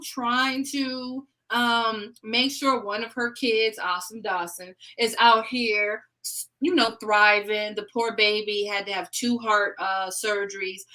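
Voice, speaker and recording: A woman hosting a livestream, ranting in an animated, slangy casual chat. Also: a little high, poor audio. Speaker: livestream host.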